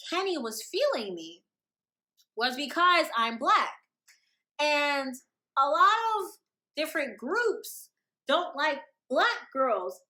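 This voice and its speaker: A young woman telling a storytime vlog story in an animated, dramatic, slangy way. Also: sits high. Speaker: vlogger.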